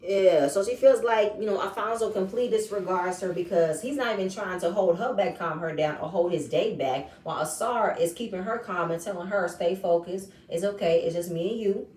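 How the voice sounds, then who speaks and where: A woman recapping a reality show episode in casual, animated commentary, acting out the quoted lines in changing voices. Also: medium pitch, fairly quick, hardly any pauses, distant mic. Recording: echoey room, voice set back from mic.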